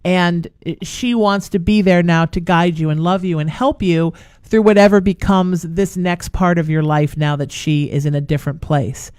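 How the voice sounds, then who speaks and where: A woman's voice: fairly low pitch, steady tone, moderate pace, few pauses, a little mellow, clean tone, no room sound, clean studio sound. Reassuring woman radio host. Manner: reassuring, flowing, calls the caller sweetie. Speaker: radio show host and psychic. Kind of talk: live radio psychic reading.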